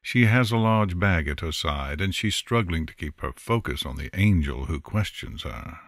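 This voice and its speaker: A man narrating a fantasy novel in an unhurried, expressive storytelling manner. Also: deep voice, no room sound, clean studio sound. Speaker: audiobook narrator. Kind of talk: scripted narration.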